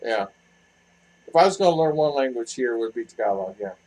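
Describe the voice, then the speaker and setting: A man's voice: medium pitch, animated, a little fast, darkish tone, rough recording. A man hosting a casual live chat with viewers, rambling with lots of fillers and restarts. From expat living in the Philippines. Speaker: vlog host answering viewer chat.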